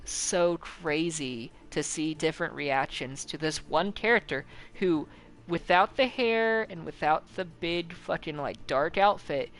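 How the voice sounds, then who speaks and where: A man's voice: fairly high pitch, a little slow, a bit bright, a little hiss or hum. A young man chatting casually while gaming, rambling with lots of fillers and frequent swearing. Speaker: gaming channel host.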